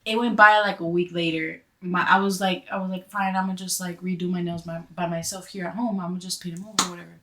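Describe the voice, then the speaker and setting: A woman's voice: fairly low pitch, quick pace, hardly any pauses. A woman guest on a podcast, telling a story in casual, profane chat, full of fillers. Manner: animated, profane, heavy use of "like".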